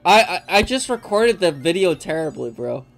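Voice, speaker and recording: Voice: medium pitch, sing-song, normal speed, vocal fry, soft background music. A young adult streamer in casual, joking banter with friends during a live game session, laughing often and swearing freely. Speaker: gaming streamer.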